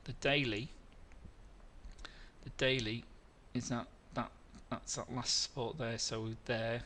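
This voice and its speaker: The middle-aged man running this live trading webinar takes it slowly, his bright, forceful mid-pitched voice fairly even in intonation. He rambles over charts, restarts phrases, and answers viewers as he goes, with a little hiss or hum in the audio.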